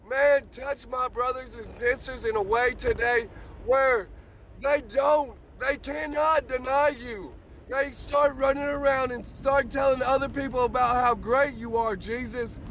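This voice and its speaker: A man giving an excited morning pep talk, shouting and whooping with joy. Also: extremely high pitch, measured pace, slight background noise. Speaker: vlogger.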